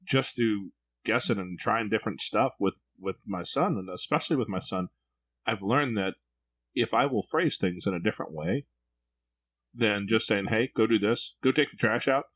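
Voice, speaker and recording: A man's voice: on the low side, moderate pace, a bit bright. A man hosting a parenting podcast, talking in a candid, reflective way. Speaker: podcast host. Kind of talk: podcast interview.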